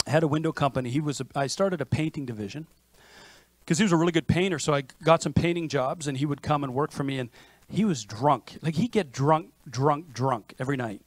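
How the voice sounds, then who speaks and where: Male pastor, lively conversational sermon, fairly high voice, dry close sound. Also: a little fast, dry recording. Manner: lively conversational preaching with frequent restarts. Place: church sanctuary.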